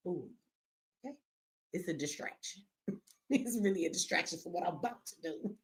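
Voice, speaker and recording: A woman with a lowish, expressive voice talks at a normal speed while hosting a casual live stream from home. She's chatty and slangy, reads viewer comments aloud, and cusses and laughs often.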